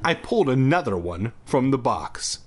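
A man's voice: medium pitch, big pitch swings, moderate pace. A man hosting a podcast, reading a spooky children's book aloud with irreverent, profane comic asides.

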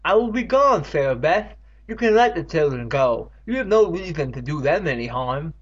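A man putting on a high, slow, melodramatic tragic woman. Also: expressive. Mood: pleading. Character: pleading enchanted woman, desperate and tragic. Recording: dull lo-fi recording.

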